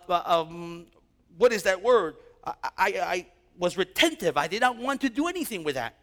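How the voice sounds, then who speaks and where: Middle-aged male pastor, higher-pitched, animated storyteller who drops into hushed tones. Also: in a large hall. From East Los Angeles. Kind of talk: sermon.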